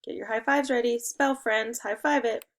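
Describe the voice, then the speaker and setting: Teaching an online spelling lesson to second graders, a young woman speaks at a moderate pace in a slightly high voice. She stays upbeat and encouraging while giving clear, step-by-step directions.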